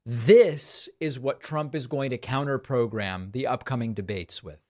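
A male podcast host talks through the news with dry, cutting sarcasm. His pitch sits in the middle range, and he speaks in a steady commentary style. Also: measured pace. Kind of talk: political commentary.

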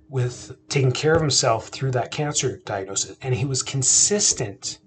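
A man in his thirties tells a personal story on his podcast in a relaxed, conversational way. He circles back, repeats himself and asks the listener rhetorical questions. His voice sits at an ordinary pitch, and a faint noise runs underneath. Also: moderate pace, hardly any pauses. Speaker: podcast host. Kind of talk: casual storytelling monologue.

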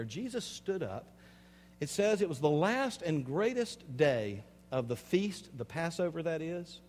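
A male pastor delivering a sermon, swinging between hushed, slow passages and loud, emphatic preaching, and speaking straight to the congregation with rhetorical questions. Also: a little high, a little hiss or hum. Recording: long hall reverb.

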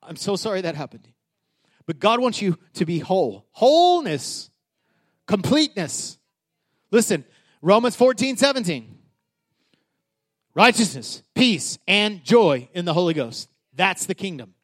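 A high-voiced man preaching a sermon. He talks passionately, stumbling over restarts and repeating key words. His delivery swings from soft, close asides to loud, soaring declarations. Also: big pitch swings, a little slow, pauses often. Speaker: pastor.

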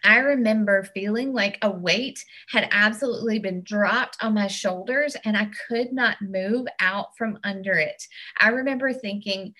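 A woman's voice: mid-range voice, moderate pace, bright, forceful tone. A woman giving a personal faith testimony, earnest and heartfelt, sometimes restarting her words. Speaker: church member giving testimony.

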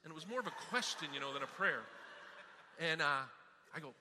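Bright, animated preaching man. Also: on the high side, brisk, slight background noise. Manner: animated storytelling, emphatic. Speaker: pastor. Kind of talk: sermon. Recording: hall reverb.

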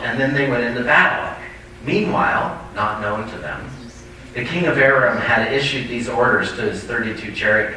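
Male preacher reading scripture with asides, bright voice, far off the mic in a super echoey church. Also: medium pitch, slight background noise. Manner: reads scripture aloud, breaks off with asides to the congregation. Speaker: pastor. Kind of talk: sermon reading scripture with commentary. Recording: distant mic in a very echoey hall.

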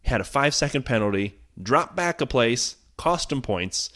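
A man's voice: mid-range voice, lively intonation, moderate pace, a bit bright. A man co-hosting a casual sports podcast, telling the story with wry, self-mocking jokes. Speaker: podcast co-host.

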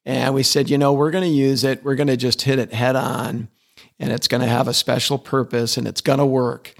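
A middle-aged man with a mid-range, gravelly voice tells stories as an interview guest. He talks with eager energy, often repeating words as he restarts his sentences. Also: mid-range voice, little pitch movement, fairly quick. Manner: enthusiastic storyteller, repeats words as he restarts, chuckles. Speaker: interview guest, advertising executive. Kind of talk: conversational interview.

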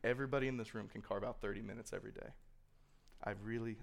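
Briskly and with vocal fry in his mid-range voice, a youth speaker delivers an informal sermon to a live young audience. His delivery is conversational and filler-heavy, with lots of "like," and he voices imagined thoughts aloud.

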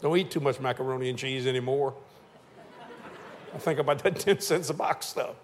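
A man's voice: mid-range voice, normal speed, slight background noise. An older man preaching a sermon, folksy and joking as he tells stories. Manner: folksy, joking, southern-tinged church talk. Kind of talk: sermon with storytelling and humor.

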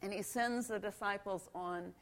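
A woman pastor giving a lively sermon in a church, telling a story and acting parts out with volunteers. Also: mid-range voice, moderate pace. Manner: animated storyteller, demonstrates with volunteers. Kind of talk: children's sermon with props.

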